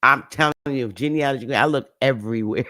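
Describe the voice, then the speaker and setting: A woman's voice: very deep voice, animated, moderate pace, pushed and bright. A woman hosting a casual livestream, talking loosely and profanely and laughing often as she goes. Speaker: livestream host.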